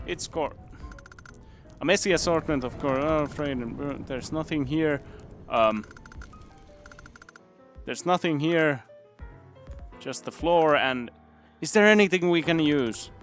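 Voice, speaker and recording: A young man reads a game's text aloud as a let's play host, taking it slowly and in a subdued, measured tone. Faint music plays underneath his voice. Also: fairly high pitch, lively intonation, fairly bright tone. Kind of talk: reading game text aloud.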